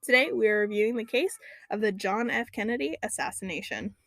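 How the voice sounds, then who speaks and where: A woman's voice: mid-range voice, brisk, a bit bright, dry recording. A young woman hosting a casual podcast, chatty and loose, with frequent ums and casual swearing. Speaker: podcast host.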